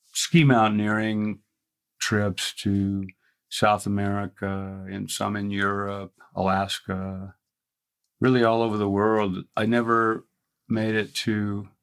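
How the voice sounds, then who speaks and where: A man's voice: on the low side, a bit bright. Older man with a faint Southern drawl. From Mississippi, US. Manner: rambling, restarts often, chuckles as he tells stories. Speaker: ski photographer guest. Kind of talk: casual interview storytelling.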